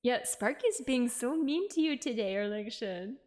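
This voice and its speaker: A woman's voice: on the high side, expressive, normal speed, darkish tone. A woman streamer chatting casually while playing a game and reading its text aloud. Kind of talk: casual gameplay commentary.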